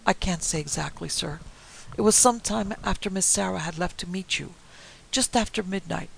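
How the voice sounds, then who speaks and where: A man's voice: high voice, normal speed, vocal fry, a bit bright, slight background noise, heavily acted, poor audio. A man doing a fussing woman servant. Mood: anxious. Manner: flustered, deferential.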